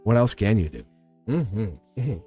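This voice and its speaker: Hoarse man, middle-aged, live tarot reader, rambling upbeat chatter, deeper voice, soft music underneath. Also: big pitch swings, a little slow. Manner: rambling, upbeat, repeats himself. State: hoarse, voice cracking. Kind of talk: live-streamed tarot reading.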